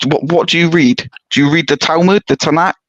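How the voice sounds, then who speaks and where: Brief: West Country man, a touch high-voiced, repeats himself insistently in a dry-sounding live panel argument. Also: steady tone, brisk, no room sound, lo-fi sound. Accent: West Country English. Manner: insistent, repeats his points. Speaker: panel guest. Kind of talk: heated debate on a live call.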